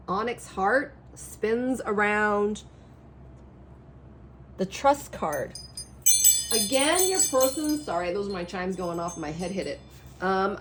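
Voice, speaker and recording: A woman talks through a tarot spread in a loose, rambling way, forever checking in with her listener. Her voice sits in a middle range and sounds a little hoarse. A faint hiss of noise runs underneath. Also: medium pitch. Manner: rambling, animated, checks in with "okay?" and "right?". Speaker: tarot reader. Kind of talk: casual spiritual reading to camera.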